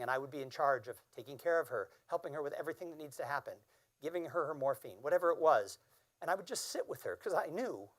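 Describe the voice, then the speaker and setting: A man in his fifties giving a keynote speech, telling a personal story in an earnest, emphatic way. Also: medium pitch. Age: 50s. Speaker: keynote speaker.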